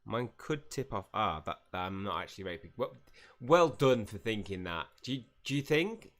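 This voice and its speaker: A man's voice: lowish voice, animated, normal speed, fairly bright tone. A man streaming a game live, chatting casually, reading game dialogue aloud and laughing often. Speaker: gaming streamer. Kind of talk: live gameplay commentary.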